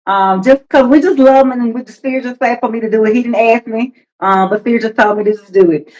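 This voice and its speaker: A woman talks loosely and warmly on a livestream. She chats about spirit and healing in a slangy, easygoing way. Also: on the high side, fast talker, highs cut off. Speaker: livestream host. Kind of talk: casual livestream chat.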